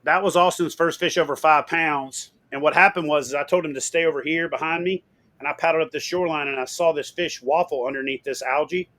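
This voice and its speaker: His voice fairly high and his delivery a little fast, a middle-aged man tells stories while being interviewed. Animated throughout, he drops casual swear words and acts out others' remarks at full volume.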